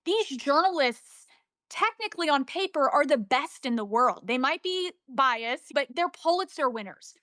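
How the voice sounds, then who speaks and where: A young woman from Central Illinois, a journalist, telling animated, emotional stories as an interview guest. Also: high-pitched, moderate pace, no echo, studio quality. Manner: emotional, animated storytelling with quoted dialogue. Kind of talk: storytelling in a casual interview.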